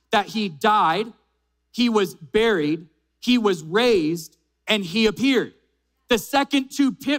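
A man preaching an Easter sermon as a pastor, emphatic, slowing down and repeating key phrases for weight. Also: sits high, a bit bright.

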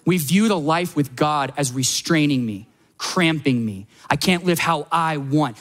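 A man's voice: fairly high pitch, lively intonation, unhurried, fairly bright tone. A man preaching a sermon as a pastor, telling stories in a conversational way that swells into dramatic, emphatic passages. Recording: long reverb of a large hall.

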